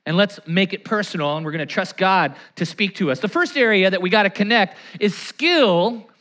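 Lively, bright-voiced male pastor. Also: high voice, normal speed. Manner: animated, acts out anecdotes and quotes; leads the congregation in call-and-response. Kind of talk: sermon.

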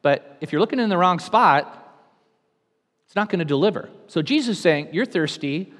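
A man's voice: high voice, animated, fairly quick. Preaching man in a reverberant hall. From California. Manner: dynamic preaching, swings from hushed to loud. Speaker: pastor. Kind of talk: sermon.

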